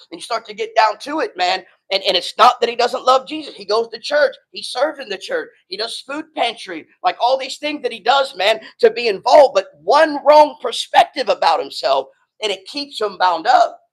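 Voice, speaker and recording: Male pastor, strikingly high pitch, casual preaching style that keeps asking the room if they follow. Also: lively intonation, moderate pace, rough recording. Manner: emphatic, conversational preaching with frequent "right?" and "man". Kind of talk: sermon.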